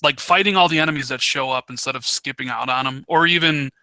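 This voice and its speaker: Bright, dry-voiced man explaining a game. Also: medium pitch, fast talker, dry recording. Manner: analytical, stammering restarts. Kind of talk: casual gaming podcast chat.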